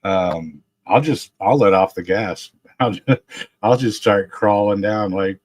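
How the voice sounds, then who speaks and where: A man's voice: on the low side, takes it slowly, a little mellow. A man in casual podcast chat, laid-back and chuckling often.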